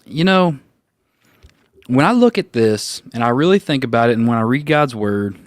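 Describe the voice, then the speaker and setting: A man of middle pitch tells a story in an easy, casual way and acts out the lines of the people in it. The mic is close and the room is dry, with no echo. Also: moderate pace. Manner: animated storyteller, acts out quoted voices, laughs often. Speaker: roundtable co-host.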